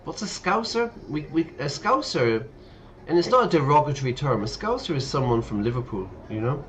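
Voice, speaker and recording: A man with a slightly high, sing-song, fairly bright voice talks a little fast as he streams a game; he's an English teacher explaining slang words casually and laughing often. There's slight background noise.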